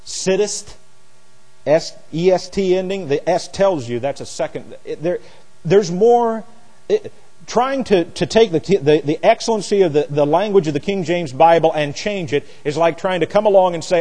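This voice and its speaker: A man's voice: fairly high pitch, measured pace, long pauses, mellow, long reverb tail. A man teaching a Bible lesson like a sermon, spelling out words letter by letter, with mocking asides. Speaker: preacher.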